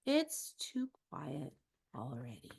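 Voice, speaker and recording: Brief: a woman playing a timid little crocodile boy, soft and hesitant, unhurried. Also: low voice, huge pitch swings, creaky, slightly rough, pitched below the performer's own voice, exaggerated voice. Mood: worried. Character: young boy crocodile, shy and gentle.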